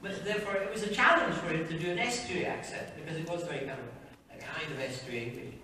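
A man's voice: on the high side, fast talker. An older man with a Scottish accent telling wry, joking anecdotes at a convention panel. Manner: wry storyteller who slips in impressions and one-liners. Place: large convention hall. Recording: echoey hall, mic heard from far off, noisy.

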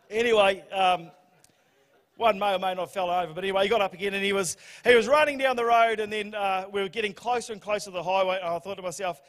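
A New Zealand man preaches to his church, spinning an animated story full of laughter and sudden high shouts. His voice sits notably high for a man. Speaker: pastor. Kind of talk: storytelling sermon.

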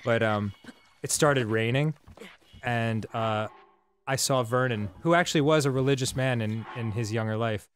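A man's voice: medium pitch, normal speed, slight background noise. A man co-hosting a gaming show, telling rambling playful anecdotes in casual banter. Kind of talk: casual let's-play banter.

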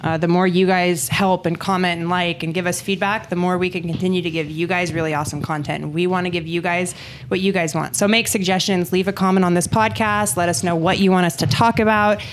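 A woman's voice: lowish voice, fairly even intonation, a little fast. Woman, podcast host, casual chat, blunt, swears, faint hiss behind. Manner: blunt, swears freely, talks with her hands on fillers. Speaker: podcast host and gym owner.

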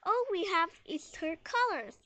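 A woman's voice: very high-pitched, very animated, measured pace, bright, forceful tone, voice pushed up, full character voice. A woman voicing a fussy, complaining mother cat in a children's storybook reading.

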